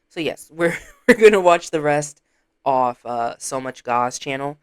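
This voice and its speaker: A woman reaction streamer giving casual commentary, teasing and laughing with loud exclamations. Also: very deep voice, unhurried, smooth.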